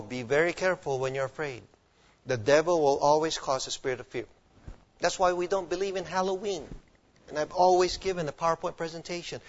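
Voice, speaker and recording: A male pastor preaching a sermon emphatically, often quizzing his listeners with questions. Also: on the high side. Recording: dull lo-fi recording.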